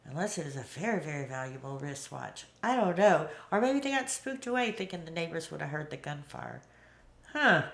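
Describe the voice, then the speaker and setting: Woman, casual reaction commentary, very low voice, echoey room. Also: lively intonation, fairly quick, gravelly, fairly bright tone. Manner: chatty, thinking aloud with restarts. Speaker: reaction video host.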